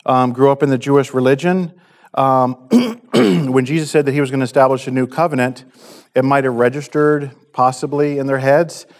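Male pastor, sermon delivery, measured and halting, frequent pauses, mid-pitched voice. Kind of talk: sermon and prayer.

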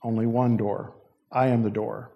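A man preaching in a relaxed, conversational tone, at a mid pitch. He explains things plainly, sometimes restarting his sentences and dropping in fillers. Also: moderate pace, creaky, muffled recording. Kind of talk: sermon.

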